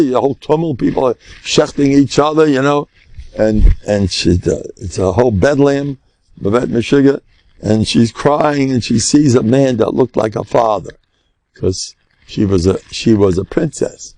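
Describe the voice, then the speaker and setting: An older man, a rabbi, teaching a lesson through lively storytelling, with Hebrew and Yiddish words mixed in. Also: medium pitch, moderate pace, gravelly, no echo.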